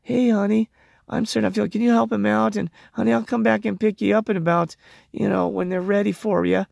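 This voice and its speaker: A sugary, sing-song pet owner coos at a dog in a high voice, as a gravelly man mocks it. The sound is dry and close. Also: flat delivery, fairly quick, a little mellow, no echo, heavily acted. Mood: cooing. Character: cooing doting pet owner, baby-talking a dog.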